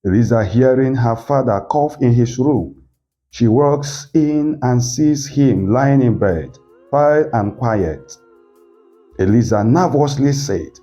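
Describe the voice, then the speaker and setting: Brief: a male narrator, slow dramatic storytelling, dull lo-fi audio with soft music behind. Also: medium pitch, expressive.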